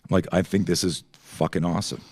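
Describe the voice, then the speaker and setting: A man's voice: deep voice, level tone, fast, darkish tone, no room sound. A man in his fifties, a podcast guest, telling rambling stories full of tangents and swearing in a casual chat. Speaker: podcast guest, self-defense instructor.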